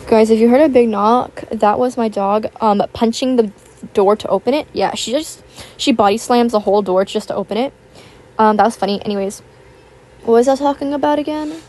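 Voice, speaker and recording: A teenage girl chats away in a slightly high voice, rambling from one thought to the next with lots of fillers. She is self-conscious and apologetic, and her voice has a slight roughness to it. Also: a little fast, darkish tone. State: voice a little rough. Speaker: YouTuber. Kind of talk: casual chat over gameplay.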